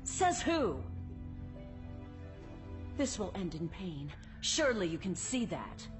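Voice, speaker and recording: A scornful female silver dragon warrior from a fantasy game, cold and condescending toward mere mortals. She talks slowly and deliberately, with game music playing behind her. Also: on the low side, very animated. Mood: impatient. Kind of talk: game cutscene voice acting.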